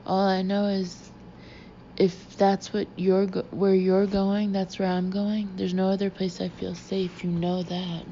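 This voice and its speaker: A woman's voice: mid-range voice, flat delivery, measured pace, warm tone, dull audio, slight background noise, natural voice. A woman reading an audiobook, voicing an anxious, impatient young woman who speaks urgently and pleadingly. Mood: tearful.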